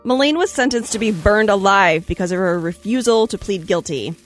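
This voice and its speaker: A woman's voice: medium pitch, brisk, faint music behind. A woman hosting a podcast, telling a history story in a breezy, chatty way with playful asides. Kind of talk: casual storytelling chat.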